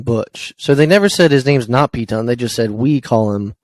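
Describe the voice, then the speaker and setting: A man's voice: mid-range voice, normal speed, a little mellow, no room sound, rough recording. A man co-hosting a casual wrestling podcast, running through news with lots of ums and uhs. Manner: rambling with frequent ums and uhs. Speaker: podcast co-host.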